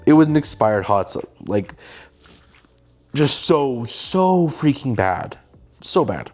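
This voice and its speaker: A young man hosting a casual show, telling a story with animated delivery and acting out what people said. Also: mid-range voice, takes it slowly, soft background music. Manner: animated, acts out quoted lines. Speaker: host, filmmaker.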